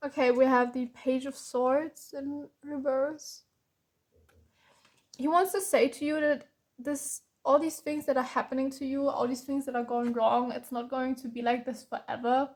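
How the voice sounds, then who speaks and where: Tired german woman doing a tarot reading, kinda high voice, sighs and restarts a lot. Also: flat delivery, a little slow, darkish tone. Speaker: tarot reader.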